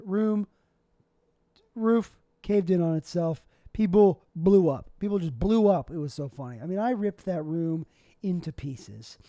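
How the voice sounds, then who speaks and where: A young man who does stand-up comedy hosts a solo podcast, rambling casually and poking fun at himself. His voice is slightly high with a warm tone, and the recording is clean studio sound with no room echo.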